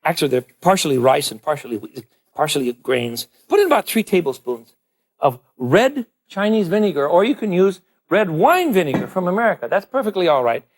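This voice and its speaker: A man's voice: a little high, sing-song, brisk. A man hosting a televised cooking demonstration, chatty and playful, talking straight to the viewer as he works. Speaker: cooking show host.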